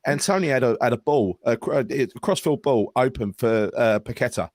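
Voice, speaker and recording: Measured man talking from a garden shed. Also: medium pitch, expressive, darkish tone, dry recording, studio quality. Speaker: podcast co-host. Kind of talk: casual fan chat on a live stream.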